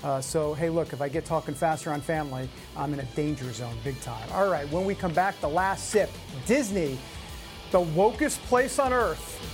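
A man's voice: on the high side, normal speed, over music. Chatty New York-accented male host. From Upper West Side of New York. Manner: chatty, emphatic, animated asides. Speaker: talk show host. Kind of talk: political talk show.

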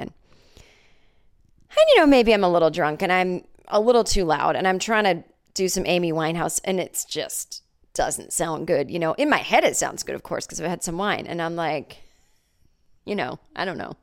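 Speaking at normal speed in a fairly low, clear, resonant voice, this animated woman in her forties runs a solo comedy podcast. She's chatty and jokey, telling an invented story and performing its characters' voices.

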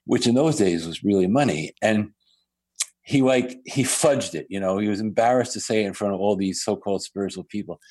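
A man speaks in a fairly low voice as a podcast guest, telling stories at an easy pace. He restarts his sentences often and keeps a reflective tone. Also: fairly quick, a little mellow. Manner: reflective, anecdotal, with frequent restarts. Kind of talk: storytelling in a podcast conversation.

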